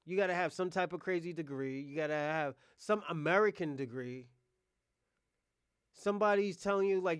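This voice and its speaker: A man's voice: a little high, normal speed, smooth, dry recording, studio quality. A man hosting a reaction video, talking in a blunt, heated casual rant full of swearing.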